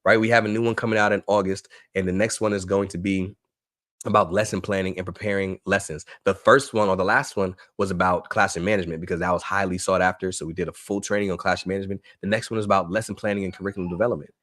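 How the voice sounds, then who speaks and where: A man's voice: deep voice, fairly even intonation, fast talker, fairly bright tone, no echo, clean studio sound. A man leading a live online teacher workshop, upbeat and eager, often repeating himself and asking the audience rhetorical questions. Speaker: education workshop presenter.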